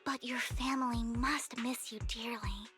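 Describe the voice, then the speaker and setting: An actress voicing a calm young woman in a video game, speaking in a soothing, composed way. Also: a little high, a little slow, soft background music.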